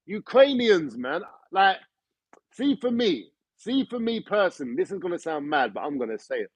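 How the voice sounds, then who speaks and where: A man's voice: high voice, husky, no room sound. A man ranting in an opinionated monologue, swearing and firing off rhetorical questions. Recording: dull lo-fi recording.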